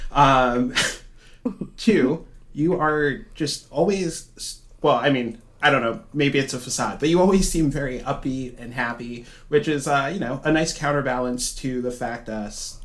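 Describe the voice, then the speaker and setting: A man's voice: mid-range voice, measured pace, fairly bright tone. A man hosting a podcast, chatting casually with a dry, self-deprecating manner. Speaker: podcast host. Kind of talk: casual interview chat.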